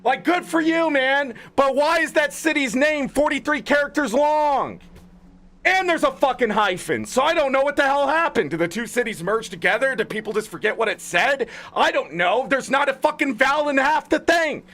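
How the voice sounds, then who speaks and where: A man's voice: very high voice, lively intonation, moderate pace, pushed and bright. A man hosting a gaming channel, ranting with exasperated profanity and rambling filler words. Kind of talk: ranting commentary.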